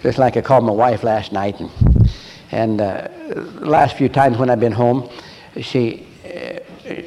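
An older man preaching a sermon, telling personal stories in an animated way and asking the audience questions. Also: medium pitch, slight background noise, poor audio.

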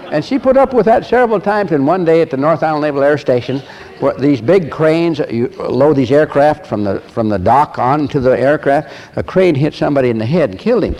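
Older male preacher, lively, storytelling sermon, faint background noise. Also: on the high side, low-quality recording. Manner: animated storytelling, asks audience questions. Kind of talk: sermon with personal stories.

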